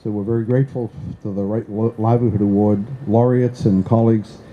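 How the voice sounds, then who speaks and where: A man's voice: on the low side, fairly even intonation, fairly quick, lo-fi sound, a little hiss or hum. An older man from Boston with a Boston accent, giving a conference talk at a stand microphone with many fillers and restarts. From Boston area. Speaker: conference speaker. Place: lecture hall. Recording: roomy hall, faint ambience.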